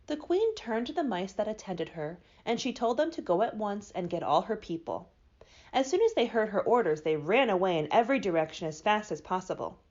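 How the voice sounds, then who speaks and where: A woman librarian reading a children's book aloud with expressive storybook delivery. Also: mid-range voice, brisk, highs cut off.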